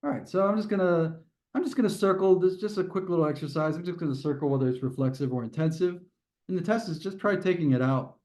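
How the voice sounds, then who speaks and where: A male teacher walks a class through a grammar lesson, one careful step at a time. His voice sits a little high for a man, with a mellow, relaxed tone. He restarts phrases and throws questions to the class. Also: fast. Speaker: test prep teacher.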